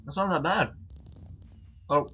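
A young man chatting excitably and repeating himself as he gives casual commentary on a game he is playing. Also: fairly high pitch, slow, breathy edge. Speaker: gaming YouTuber. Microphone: desk mic, no headset. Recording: dull lo-fi home recording.

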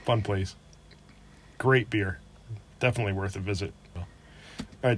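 A man with a low, husky voice trades casual remarks with his co-host. He is laid-back and laughs often while he talks. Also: normal speed, pauses often. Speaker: co-host reviewing breweries. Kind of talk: casual chat.

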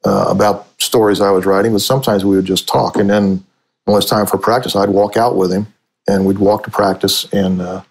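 A man's voice: fairly low pitch, flat delivery, a little fast, gravelly, low-quality recording. An older man from Cincinnati, a sportswriter and author, telling long stories in a podcast interview with many restarts. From Cincinnati, USA. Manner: rambling storyteller with frequent restarts. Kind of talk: conversational storytelling interview.

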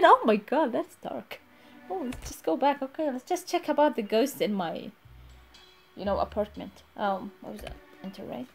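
A woman's voice: a little high, expressive, normal speed, creaky, slightly rough, soft background music. A young woman hosting a gaming channel, giggling and talking to herself as she plays. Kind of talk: let's play commentary.

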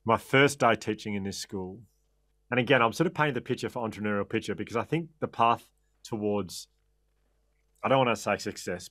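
A man with an Australian accent, a podcast guest telling anecdotes in a lively, laughing way and often correcting himself mid-sentence. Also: fairly low pitch, no echo, studio quality. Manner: lively, laughing storyteller with frequent self-corrections. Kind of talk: anecdotal interview storytelling.

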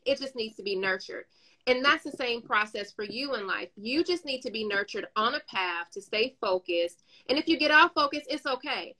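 A woman with a bright, forceful voice pitched a little high talks in a relaxed, chatty way. She tells lively stories, acts out little bits of dialogue, and gives encouraging advice as a guest speaker. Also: normal speed, few pauses, poor audio. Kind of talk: casual motivational chat.

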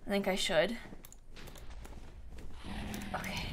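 A woman streaming a video game live, muttering softly to herself, then shrieking and laughing when things go wrong. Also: high voice, a little slow, background noise. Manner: excitable, shrieks and laughs at setbacks. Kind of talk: live gameplay commentary.

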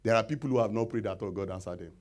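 A man preaching a sermon as pastor, swinging between loud shouts and low near-whispers, acting out pleading prayers. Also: very fast. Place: church hall.

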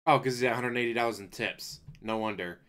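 A man's voice: mid-range voice, fast, a bit bright. A man hosting a reaction video, talking in a sarcastic, mocking way and swearing now and then. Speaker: reaction channel host.

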